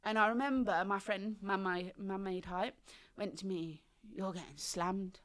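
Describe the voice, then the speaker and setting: This podcast guest, a woman with a medium-pitched voice, talks at an ordinary pace. She narrates her life in a vivid, slang-heavy way, dramatizing the people she quotes.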